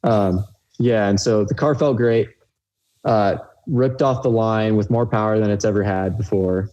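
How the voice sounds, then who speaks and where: A man's voice: fairly low pitch, fairly even intonation, unhurried, mellow, highs cut off. A young man, a racecar driver guest, telling a race story in an easygoing way on a casual podcast.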